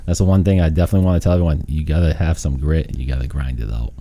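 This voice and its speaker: A man's voice: extremely low pitch, fairly even intonation, racing, dark tone. A man talking as a guest in a casual podcast interview about his real estate work, chatty, with lots of fillers and restarts and easy laughs.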